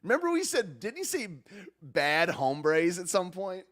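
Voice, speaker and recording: A man hosting a podcast, chatting in an excitable, rambling way, dropping 'dude' and 'man' and laughing often. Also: sits high, measured pace. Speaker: podcast host. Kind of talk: casual live-stream commentary.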